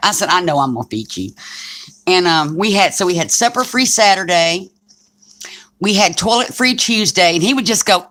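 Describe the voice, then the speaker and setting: A woman's voice: fairly low pitch, expressive, normal speed, fairly bright tone. A woman hosting a craft livestream, telling joking stories in a chatty way with frequent laughs. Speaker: craft channel host. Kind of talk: casual livestream chat.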